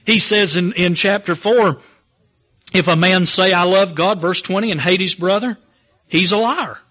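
A man's voice: high-pitched, unhurried, sharp tone, lo-fi sound. A man preaching a sermon, building emphasis through repetition and reading scripture aloud in old-fashioned wording. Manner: reads scripture in King James wording. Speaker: pastor.

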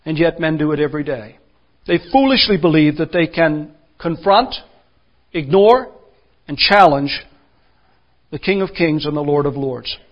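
A man preaching a sermon, building to forceful, emphatic declarations. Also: on the high side, normal speed, long pauses, dull audio.

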